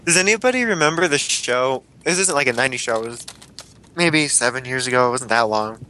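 A man's voice: medium pitch, animated, fairly quick, bright, forceful tone, slight background noise. A young man co-hosting a casual chat, rambling, swearing now and then, laughing often.

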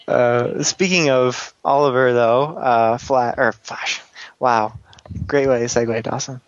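A man's voice: mid-range voice, steady tone, a little slow, no echo, muffled recording. A man co-hosting a podcast in casual chat, rambling and giggly, with lots of fillers and restarts. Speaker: podcast co-host.

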